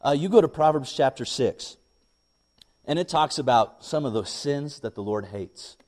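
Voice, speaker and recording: A young man, a pastor, preaching a sermon and telling a lively personal story. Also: medium pitch, normal speed. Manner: animated storytelling, rising when excited.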